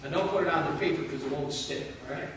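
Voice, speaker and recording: A man's voice: on the high side, fast talker, noisy background. A man giving a children's message in church, telling a story in a playful way and asking the children questions. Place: church sanctuary. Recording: echoey church hall from a distance.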